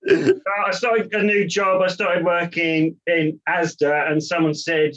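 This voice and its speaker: A man doing a stand-up comedy set from his own room over a video call, with hesitant one-liners full of ums and pauses. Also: high voice, steady tone, a bit bright, muffled recording.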